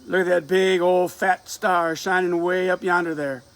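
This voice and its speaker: A man's voice: sits high, steady tone, normal speed, a bit bright. A man voicing a bold, restless nineteen-year-old who teases and reassures his sweetheart, in a dramatic reading of a play with rural dialect. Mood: defiant, wistful. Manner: teasing, confident, rural dialect.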